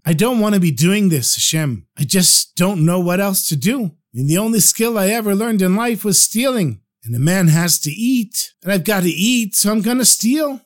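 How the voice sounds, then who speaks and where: A man voicing a middle-aged Jewish thief who pleads for help to change his ways, in a heartfelt, confessional manner. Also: high-pitched.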